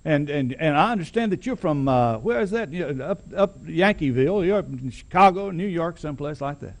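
A smooth, ingratiating old boss man of a small town, as a preacher puts him on, his voice pushed up high above the speaker's own. He drawls and coaxes, calling people "son" and stretching out every "well, now." The pitch rolls and swoops as he talks. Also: lively intonation, fairly quick. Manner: drawling, folksy, coaxing. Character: ingratiating older Southern male town boss.

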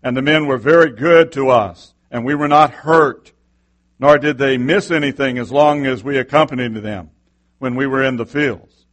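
A man's voice: mid-range voice, moderate pace. A middle-aged male pastor preaching a sermon with passion, firing off rhetorical questions.

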